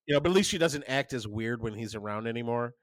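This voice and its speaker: A man's voice: mid-range voice, fast, dry recording. Rambling man host, dry close sound. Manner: rambling, many restarts, animated storytelling. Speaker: podcast co-host. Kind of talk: casual chat.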